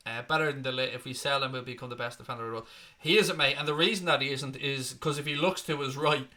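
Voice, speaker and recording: A man's voice: mid-range voice, bright, forceful tone. A man hosting a football fan channel, reading viewer comments aloud and answering them in a blunt, sweary, chatty way. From Northern Ireland or Ireland. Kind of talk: casual livestream chat.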